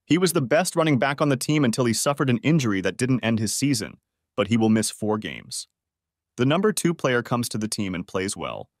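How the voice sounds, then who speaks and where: A man's voice: mid-range voice, no room sound, studio quality, natural voice. A man reading the part of a tearful, apologetic wife who pleads with her husband, his voice raised for her. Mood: explaining.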